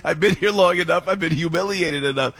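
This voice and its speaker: A middle-aged man, hosting a radio show and telling a rambling, excitable story. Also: on the high side, fairly quick, breathy edge. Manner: excitable, rambling, acts out other voices. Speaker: radio host.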